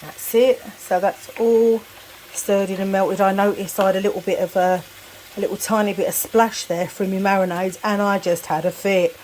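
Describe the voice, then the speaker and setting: A woman's voice: mid-range voice, fairly even intonation, normal speed, a little mellow. A woman vlogger chatting casually through each step of her home cooking, laughing at herself as she goes. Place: home kitchen. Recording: kitchen clatter noise in background. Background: clattering dishes and cutlery.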